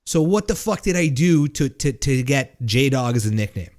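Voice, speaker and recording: A man's voice: mid-range voice, lively intonation, darkish tone. A man co-hosting a casual drinking podcast, rambling and swearing, with lots of fillers and restarts. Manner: rambling, profane, halting with fillers. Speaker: podcast co-host. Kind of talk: casual drinking-show chat.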